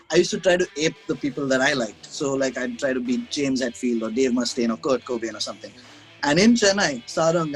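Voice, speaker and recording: A man's voice: on the high side, poor audio. A man, a guest musician chatting casually over a video call, rambling and self-mocking, with frequent restarts and laughs.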